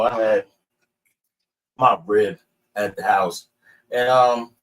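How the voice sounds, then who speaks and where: A man's voice: medium pitch, far from the mic, poor audio. A man from New York City animatedly telling the class a story, acting out both sides of an argument. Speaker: class member.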